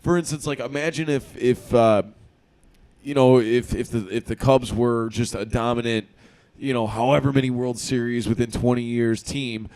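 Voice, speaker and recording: Excitable man hosting a sports podcast. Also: mid-range voice, normal speed, smooth. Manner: excitable, teasing, animated. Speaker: podcast host. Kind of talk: casual sports chat.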